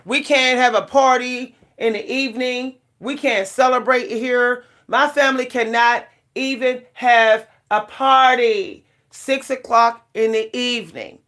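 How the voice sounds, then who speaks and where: A middle-aged woman with a fairly high voice rants casually to her camera. She talks emphatically and circles back to her points with short, punchy refrains. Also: a bit bright. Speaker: vlogger.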